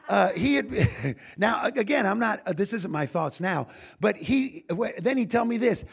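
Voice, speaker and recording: A man's voice: high voice, animated, normal speed, vocal fry, husky. An older man, a pastor, giving an informal sermon full of humorous stories, folksy and joking, with frequent restarts.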